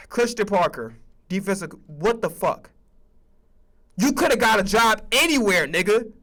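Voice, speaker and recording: A man's voice: sits high, animated, moderate pace, bright, forceful tone. A man streaming a casual sports rant, emphatic and profane, often stammering on restarts.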